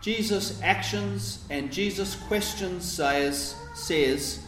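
A man preaching a sermon, explaining scripture in a reflective, explanatory way with soft dips and hesitations. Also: a little high, slow pace, hardly any pauses, a little hiss or hum. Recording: echoey room with faint ambience.

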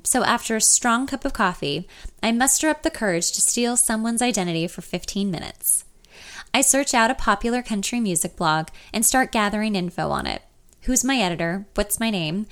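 A woman's voice: medium pitch, fairly bright tone. A young woman narrating a first-person audiobook in a nervous, confessional inner voice.

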